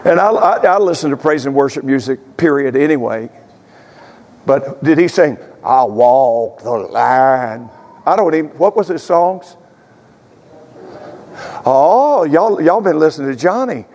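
A man preaches in a high, bright-pitched voice, his words ringing out with a long sanctuary echo. He moves from folksy, chatty asides into fervent, shouted prayer. He is a pastor from Tennessee addressing his congregation. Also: animated, moderate pace, long pauses, a little hiss or hum. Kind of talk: sermon. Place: church sanctuary with stage lights. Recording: long reverb of a large sanctuary.

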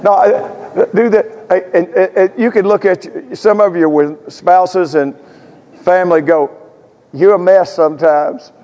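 A pastor from Tennessee, preaching a sermon in a church sanctuary. He mixes folksy asides with fervent, shouted prayer. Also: high-pitched, fairly even intonation, measured pace, highs cut off. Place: church sanctuary with stage lights. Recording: long reverb of a large sanctuary.

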